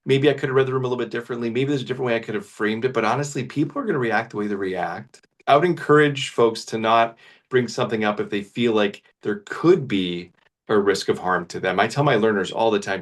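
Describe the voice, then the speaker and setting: A man's voice: mid-range voice, fast talker, far from the mic. A man who works as a family doctor, speaking earnestly and conversationally on a panel and telling stories from his practice. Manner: earnest, conversational, animated storytelling. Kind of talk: panel discussion.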